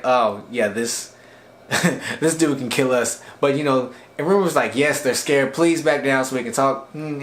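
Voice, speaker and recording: A man giving a casual, rambling recap of an anime episode for a review video, with frequent restarts and fillers. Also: medium pitch.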